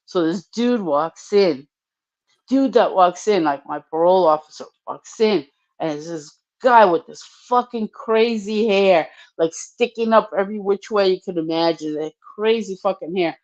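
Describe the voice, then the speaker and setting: An older woman telling a personal story casually, profane and animated, acting out the voices in it. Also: fairly low pitch, normal speed, highs cut off. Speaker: storyteller guest.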